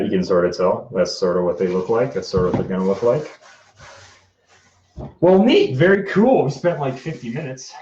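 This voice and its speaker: Low-key monotone man crafting on stream. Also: a little hiss or hum. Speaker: prop-making livestream host. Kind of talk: casual livestream chat while crafting. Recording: roomy, dull lo-fi sound.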